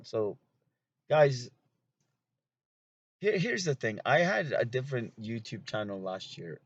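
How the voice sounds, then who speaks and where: A man in a casual vlog, rambling and swearing often, trailing off and restarting his sentences, recorded on a phone outdoors. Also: mid-range voice. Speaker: vlogger. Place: outdoors with his wife and dog. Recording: slightly dull lo-fi sound with faint noise.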